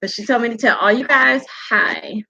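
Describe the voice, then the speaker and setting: Woman livestream host, blunt and profane, bright voice, dull lo-fi audio. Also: fairly high pitch, normal speed, creaky. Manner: blunt, profane, animated ranting. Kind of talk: casual livestream commentary.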